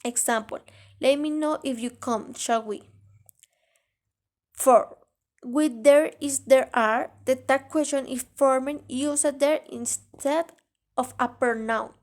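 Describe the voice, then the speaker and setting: A woman teaching an English grammar lesson in a halting way, pausing mid-sentence and reading example sentences aloud. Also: high-pitched. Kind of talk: grammar lesson explaining tag questions.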